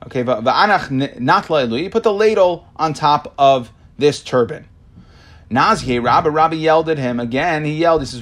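A man's voice: fairly high pitch, lively intonation, a little fast, fairly bright tone. Man teaching Talmud with many restarts. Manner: explains with many restarts and fillers; reads Aramaic then translates. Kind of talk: Talmud class lesson.

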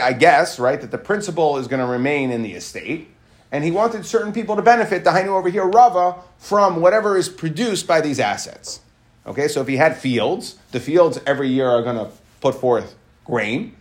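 A man teaching a Talmud lesson, reading Aramaic phrases aloud and explaining them in shifting emphasis. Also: a little high. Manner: reads Aramaic phrases then explains them in English, rising and falling emphasis.

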